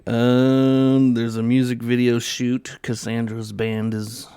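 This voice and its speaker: Smooth-voiced man on a dry podcast mic. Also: mid-range voice, completely flat delivery, slow pace, dark tone, no room sound. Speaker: podcast co-host. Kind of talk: casual movie chat.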